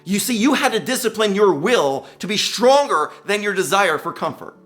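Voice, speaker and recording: A man's voice: high-pitched, expressive, normal speed, a bit bright, soft background music. A gray-haired man giving an upbeat, enthusiastic motivational commencement speech, laughing often. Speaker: commencement speaker. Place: large ceremony hall.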